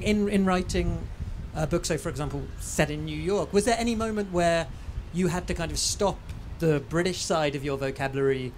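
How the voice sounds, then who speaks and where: Male audience member, slightly high voice, hesitant question, faint background noise. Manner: hesitant, apologetic, repeats words. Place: outdoor bookshop event.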